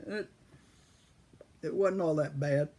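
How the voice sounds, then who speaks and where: Old guy telling a story about his granny, husky throaty voice, kinda high, folksy. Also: measured pace, dark tone. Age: older. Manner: folksy, rambling, chuckles often. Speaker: pipe-smoking storyteller. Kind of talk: casual storytelling.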